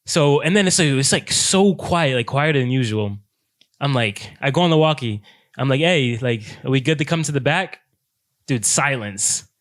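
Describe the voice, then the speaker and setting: A young man on a podcast, telling a workplace story to his friends in a casual, animated way, with "dude" in nearly every line. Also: mid-range voice, normal speed. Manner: animated, says "dude" constantly, quotes himself and others. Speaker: podcast co-host.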